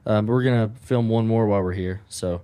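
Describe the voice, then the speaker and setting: A young man hosting a podcast in casual chat, easygoing and relaxed as he talks with friends. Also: lowish voice, a little fast, clear, resonant tone. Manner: relaxed, easygoing, wraps up the show. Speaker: podcast host.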